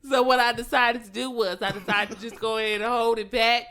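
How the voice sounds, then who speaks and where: A woman's voice: on the high side, steady tone, brisk, fairly bright tone. A woman co-hosting a podcast in casual chat, telling playful stories with frequent giggles. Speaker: podcast co-host.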